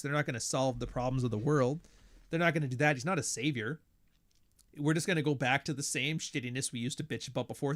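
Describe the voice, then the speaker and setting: A man hosting a podcast, talking in a blunt, profane, sardonic rant and slipping into quick impressions of other people as he tells stories. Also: mid-range voice. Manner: animated, mimics others mid-story. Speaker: podcast host. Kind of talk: casual ranting monologue.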